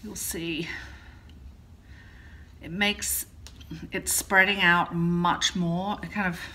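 A woman's voice: on the low side, level tone, slow, pushed and bright. A woman hosting a casual art tutorial, chatting in a rambling way with frequent ums and self-corrections as she demonstrates at home.

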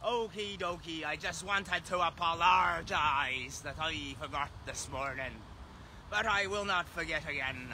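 A man's voice: fairly high pitch, unhurried, noisy background. A man chatting casually on a livestream, cheerful and apologetic. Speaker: vlogger on a long charity walk.

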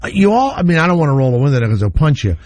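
A man's voice: fairly high pitch, big pitch swings, very fast, darkish tone. A male radio show host talking casually, blunt and opinionated, with a rambling way of speaking.

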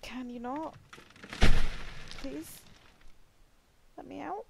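A young woman casually commenting as she plays a horror game, sweary and quick to react. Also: sits high, creaky, noisy background. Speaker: let's play host.

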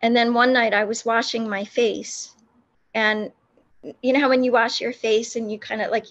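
Earnest woman telling her story, halting. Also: a little high, dull audio. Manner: halting, many restarts and pauses, earnest. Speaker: guest telling her faith testimony. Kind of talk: personal testimony in an interview.

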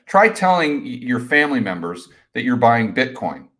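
A middle-aged man hosting a casual live stream Q&A, talking with energetic, rambling enthusiasm and repeating his words. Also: mid-range voice, moderate pace, hardly any pauses. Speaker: host.

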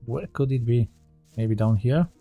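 A man's voice: mid-range voice, a little slow, narrow, tinny audio, soft background music. A man giving casual let's-play commentary as he plays, thinking aloud and often correcting himself mid-sentence. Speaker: gaming channel host.

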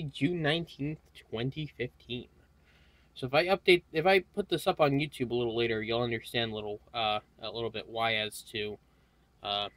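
A sleepy young man talks his way through a hardware build in a loose, halting ramble, full of ums and restarts. His mid-pitched voice sits dry and close, with little room sound around it. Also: a bit bright, no echo. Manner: rambling, halting with many fillers. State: tired, yawning. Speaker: tech hobbyist vlogger. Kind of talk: casual hardware walkthrough.

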